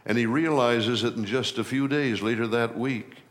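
A middle-aged man preaching a sermon as pastor, rising in pitch and volume to stress key phrases and slowing down for weight.

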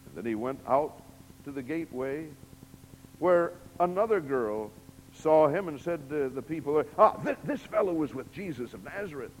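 A male preacher delivering a sermon in a church sanctuary, his voice sitting a bit high for a man. He reads scripture dramatically, swinging between hushed lines and loud, emphatic ones. A long reverb trails off every phrase. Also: expressive, moderate pace, slight background noise. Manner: dramatic, emphatic reading with big swings in loudness.

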